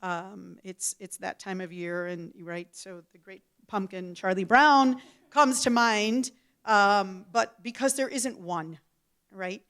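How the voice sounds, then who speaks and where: Relaxed middle-aged woman on a panel, smooth clear voice, playful little asides. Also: mid-range voice, slow pace. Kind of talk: casual panel talk.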